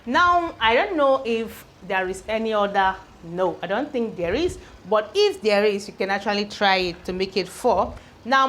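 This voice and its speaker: A woman teaching an English spelling lesson, repeating each word and checking in with "okay?". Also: mid-range voice. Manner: repeats each word several times, ends points with "okay?".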